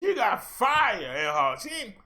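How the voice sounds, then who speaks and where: A man's voice: sits high, lively intonation, normal speed, pushed and bright. A man with ranting through a commentary vlog, exasperated and scolding. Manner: exasperated, scolding, mocks others in put-on voices. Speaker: commentary vlogger.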